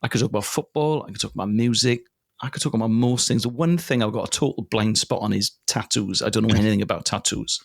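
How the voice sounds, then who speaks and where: A man's voice: fairly low pitch, fast talker, vocal fry, no room sound, clean studio sound. A Welsh man in his forties, a comedian guesting on a podcast, telling a casual anecdote with swearing and laughter. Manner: animated, swearing, laughing storyteller.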